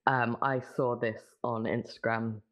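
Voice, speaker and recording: A woman's voice: very deep voice, little pitch movement, a little slow. An English woman co-hosting a podcast, chatting casually and gushing with giggles. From England. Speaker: podcast co-host. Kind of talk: casual chat. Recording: dull lo-fi audio.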